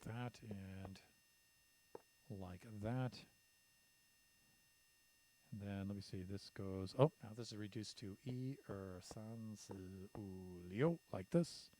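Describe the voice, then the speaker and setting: A man's voice: lowish voice, slow pace, long pauses, warm tone, a little hiss or hum. A man streaming a building game, counting blocks aloud and talking to himself as he works. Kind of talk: casual commentary while building in a game.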